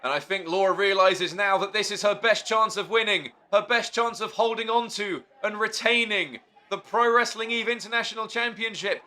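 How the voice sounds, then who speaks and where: A man calling a wrestling match play by play, excitable and shouting at the big moves. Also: high-pitched, moderate pace. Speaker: wrestling commentator. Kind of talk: play-by-play commentary.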